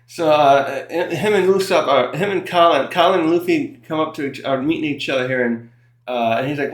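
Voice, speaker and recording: A man's voice: on the high side, moderate pace. A man reviewing a comic chapter in casual chat, rambling with many fillers, self-corrections and frequent chuckles. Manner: laughs often while recapping. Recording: roomy echo.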